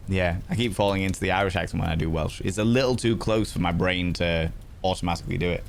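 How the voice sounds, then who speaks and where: A man's voice: low voice, brisk, slight background noise. A young man hosting a livestream, chatting casually and greeting viewers by name as he reads their comments aloud. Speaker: livestream host.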